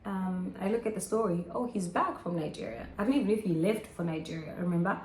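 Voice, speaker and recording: A young woman telling a storytime vlog, animated and exasperated as she recounts events. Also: on the low side, fast, slight background noise. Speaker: vlogger. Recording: echoey room.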